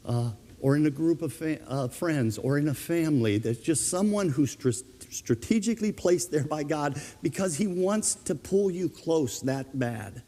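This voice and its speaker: Male pastor, animated sermon delivery, warm tone. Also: medium pitch, in a large hall. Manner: earnest, animated preaching with told anecdotes. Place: church.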